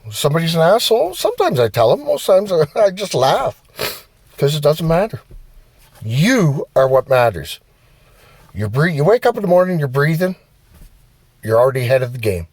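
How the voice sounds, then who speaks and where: Man, fairly high voice, blunt profane motivational rant, swearing. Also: moderate pace, long pauses, dry recording. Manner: blunt, heavy swearing, animated. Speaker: vlogger and driver.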